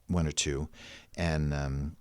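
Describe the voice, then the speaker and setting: Deep-voiced man telling a story, dry sound. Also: level tone, slow pace, darkish tone, clear, resonant tone, no room sound. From New York. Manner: rambling, self-mocking, peppered with "like". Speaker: guest storyteller. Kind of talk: casual spoken storytelling.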